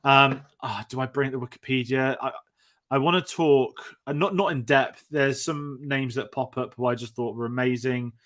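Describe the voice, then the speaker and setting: This podcast host is a man whose mid-range voice is fairly bright, with fairly even intonation and a normal pace. He chats casually about films, rambling along and frequently starting his thoughts over.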